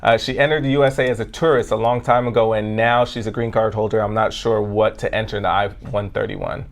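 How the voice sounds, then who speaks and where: A man co-hosting a live web show, reading viewer questions aloud in a careful, measured way. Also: fairly low pitch, fairly even intonation, vocal fry.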